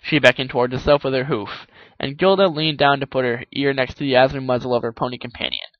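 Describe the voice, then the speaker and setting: A man's voice: medium pitch, fairly even intonation, quick pace, dry recording, highs cut off. A man reading fan fiction aloud in a casual way, often stumbling and correcting himself. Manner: stumbles, self-corrects, laughs at the text. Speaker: narrator.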